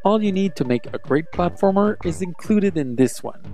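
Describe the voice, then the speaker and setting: A man narrates a scripted countdown with a lively, swooping pitch and a mellow, warm tone. He sounds enthusiastic and nostalgic. Faint music plays under his voice. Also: moderate pace. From Quebec, Canada. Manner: enthusiastic and nostalgic, talks fondly of childhood games. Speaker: video game reviewer.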